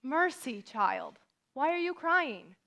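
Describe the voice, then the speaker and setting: Brisk, bossy older farm woman, bright and forceful, pitched a bit high, played by a woman on stage. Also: very animated, vocal fry, heavily acted. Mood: scolding. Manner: brisk, commanding. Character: stern, no-nonsense older spinster farm woman. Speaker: stage actor in a youth musical. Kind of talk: live stage musical acting.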